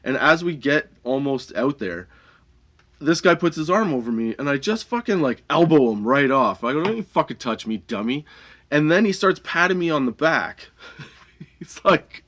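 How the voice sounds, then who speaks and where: With lively intonation, a fairly high pitch and a bit of brightness, this man talks at normal speed. He hosts a comedy podcast and delivers a casual storytelling monologue about work that's heated, profane and rambling, peppered with laughter, restarts and fillers.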